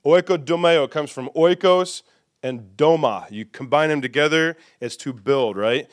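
A man's voice: on the high side, a little slow. A man preaching a sermon as pastor, conversational and playful, leading the congregation in call-and-response.

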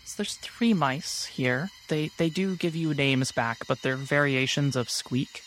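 A man running a tabletop game as game master, narrating scenes in a relaxed way. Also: on the high side, unhurried, a little hiss or hum.

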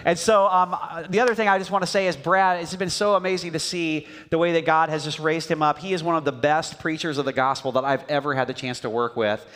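Male pastor, church intro, somewhat high voice, long hall reverb. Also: steady tone, fast talker, hardly any pauses. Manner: warm-hearted, rambling with fillers. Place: church sanctuary.

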